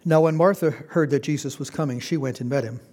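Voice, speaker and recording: A man's voice: a little high, a little fast, darkish tone. A man preaching a conversational Bible-teaching sermon, putting questions to his listeners. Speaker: pastor.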